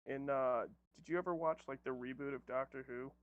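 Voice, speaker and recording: A man's voice: medium pitch, steady tone, fairly quick, lo-fi sound. Easygoing man at a game table. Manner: easygoing, jokey, laughs often. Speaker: player. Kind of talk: casual chat while playing a tabletop game.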